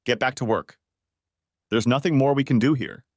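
A man's voice: mid-range voice, moderate pace, no room sound, clean studio sound, close to an everyday voice. A man as a stern, clipped starship captain. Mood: commanding. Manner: clipped commanding orders. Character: stern male ship captain, calm authority.

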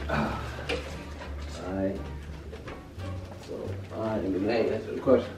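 A young man vlogging in a relaxed, slangy way, often tacking "man" and "bro" onto his sentences and sounding tired. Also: sits low, loud music behind the voice. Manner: slangy, drawn-out, keeps saying "man" and "bro". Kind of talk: whispered vlog intro and casual prank chat. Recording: echoey room, far from the mic, loud background noise.

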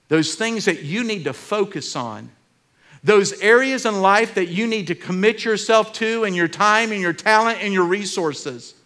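A man's voice: sits high, sharp tone. A male pastor preaching a sermon in a church, emphatic and rising on key phrases. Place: church sanctuary.

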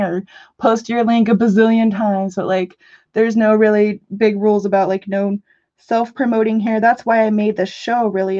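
A woman's voice: medium pitch, mellow. A woman hosting a live crafting talk show, chatting casually and goofing around with her viewers. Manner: chatty, goofy, rambling, jokes with chat. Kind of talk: casual live-stream chat. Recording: dull lo-fi stream audio.

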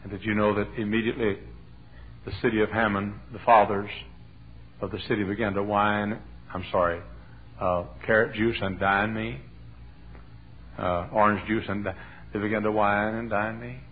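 A man preaching a sermon from his pulpit, telling a story and building to shouted fervor. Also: on the low side, flat delivery, normal speed. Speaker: pastor. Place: church sanctuary. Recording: tinny phone-like old sermon tape.

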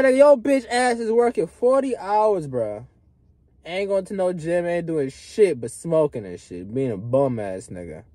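A young male vlogger rants straight to camera, loud and profane one moment and muttering the next. His voice is husky and darkly mellow, with a lively, bouncing pitch. The sound is dry and close. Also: no room sound. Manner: loud, profane, swings between shouting and muttering. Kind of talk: unscripted rant to camera.

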